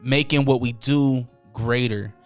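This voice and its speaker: A man's voice: mid-range voice, fairly even intonation, measured pace, faint music behind. A man hosting a casual podcast chat, encouraging and upbeat as he talks with his guests. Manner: encouraging, upbeat sign-offs. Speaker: podcast host. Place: Utah.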